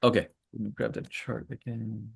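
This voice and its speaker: A man's voice: on the low side, flat delivery, moderate pace, vocal fry, slightly rough. A man hosting a casual trading call, rambling through charts with joking asides and lots of fillers. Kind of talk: casual screen-share commentary.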